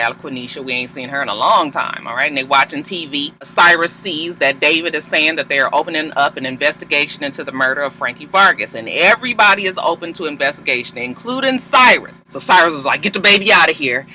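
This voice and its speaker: A man's voice: a little high, bright, forceful tone, a little hiss or hum, poor audio. A man recapping a TV episode in casual commentary, slangy and profane, mimicking the characters as he goes. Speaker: TV recap vlogger.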